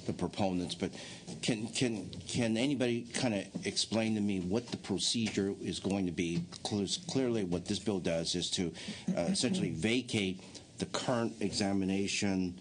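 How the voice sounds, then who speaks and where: A man on a legislative committee asking questions, halting with many fillers and restarts. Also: low-pitched, slight background noise. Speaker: committee member.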